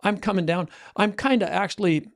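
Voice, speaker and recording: A man's voice: high voice, fairly quick, vocal fry. A man in his sixties, hosting a casual chat and earnestly telling stories with many restarts. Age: 60s. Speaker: host, coach.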